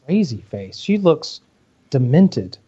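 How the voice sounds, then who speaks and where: A man hosting a podcast, telling a crude story in an animated, casual way over a video call with dull lo-fi audio. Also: fairly high pitch, slow, husky. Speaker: podcast host. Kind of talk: casual chat.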